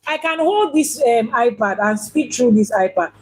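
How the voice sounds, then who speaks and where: A woman with a somewhat high, husky voice gives a teaching talk on faith. She works through rhetorical questions and repeats her points for emphasis. Her tone turns playful when she mimics how other people talk. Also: expressive, moderate pace, poor audio. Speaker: Ifá priestess and teacher.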